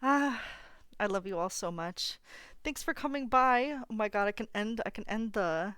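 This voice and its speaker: A young woman chats on her live stream in a smooth, clear voice, gushing and tripping over her words with lots of fillers. She sounds teary, right on the edge of crying. Her voice is close to the mic in a dry, dead room. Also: mid-range voice, normal speed, a bit bright, no echo. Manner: gushing, emotional, full of fillers and restarts. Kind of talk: casual live-stream chat to viewers. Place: home apartment.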